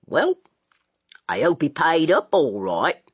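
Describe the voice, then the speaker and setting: A woman's voice: sits low, big pitch swings, slow pace, slightly rough, no room sound, full character voice. A woman voicing an easygoing, good-natured young man with a casual manner. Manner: casual, cheerful.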